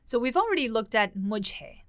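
Woman teaching a language lesson clearly. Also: fairly high pitch, big pitch swings, normal speed, no room sound, clean studio sound. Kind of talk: language lesson dialogue explanation.

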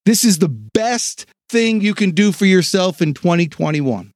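A man hosting a sales podcast, delivering an energetic motivational pep talk with dramatic pauses. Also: sits high, no echo, studio quality. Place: home studio.

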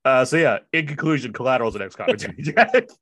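Male podcast co-host, jokey and loose, animated pitch, dry close recording. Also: fast talker, no echo. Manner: jokey, laughs often, loose. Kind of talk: casual podcast chat.

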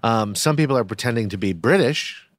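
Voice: medium pitch, lively intonation, brisk, dry recording. Giggly podcast co-host, dry close sound. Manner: giggly, trails off laughing, dry quips. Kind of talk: casual chat.

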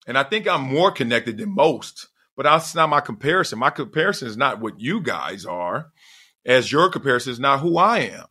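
This podcast host, a middle-aged Southern California man, tells a personal story with lots of feeling, digressing and emphatic, sometimes bursting into loud whoops. His voice is bright and forceful with a breathy edge, sing-song and jumpy in pitch, at a moderate pace.

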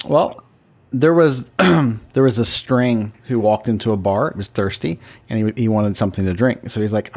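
A man on a podcast telling a long joke in a playful, drawn-out way. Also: medium pitch, a little mellow. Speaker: podcast co-host.

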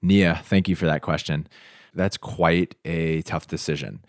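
A man's voice: rumbling low, fairly even intonation, unhurried, no echo, studio quality. A man from the United States co-hosting a podcast, talking in an upbeat, casual way straight to his listeners. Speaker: podcast co-host.

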